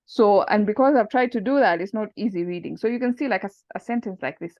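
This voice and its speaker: A woman's voice: a little high, sing-song, fast, a little mellow, dry recording. A woman leading a casual study group, walking through her translation step by step with restarts and fillers. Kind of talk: casual online lesson. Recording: dull dry lo-fi sound.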